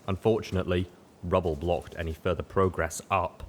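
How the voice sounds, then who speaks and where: A man reading a fan fiction story aloud with expressive narration. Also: sits low, normal speed, a little hiss or hum. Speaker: audiobook reader.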